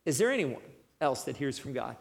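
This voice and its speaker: A man's voice: medium pitch, big pitch swings, gravelly, pitched below the performer's own voice. A man voicing a polite visiting king who hesitantly asks for another prophet. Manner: halting, apologetic.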